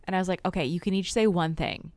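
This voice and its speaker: A woman co-hosting a podcast, telling relaxed stories about her kids in casual chat. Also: fairly low pitch, quick pace, no echo. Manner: chatty, laughs often, relaxed storytelling. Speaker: podcast co-host.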